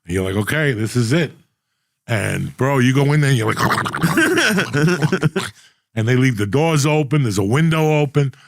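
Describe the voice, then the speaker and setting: Gravelly profane man telling stories. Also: mid-range voice, big pitch swings, a little slow, no room sound, studio quality. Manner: profane, rambling storyteller. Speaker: podcast host. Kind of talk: casual storytelling chat.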